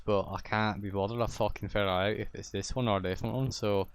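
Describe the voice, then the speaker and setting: A man's voice: fairly low pitch, steady tone, fast, a little hiss or hum. A man streaming a game live, chatting casually with friends, teasing and swearing offhandedly.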